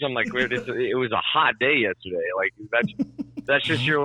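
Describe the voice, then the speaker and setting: A man's voice: medium pitch, a little fast, phone-quality sound. A young man telling a story in casual chat, swearing freely and acting out both sides of the conversation. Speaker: storyteller on a podcast.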